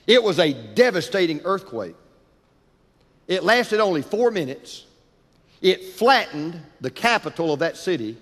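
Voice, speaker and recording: A man preaching a sermon, telling a story dramatically, building intensity and dropping to hushed tones, in a church. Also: fairly high pitch. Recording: long hall reverb.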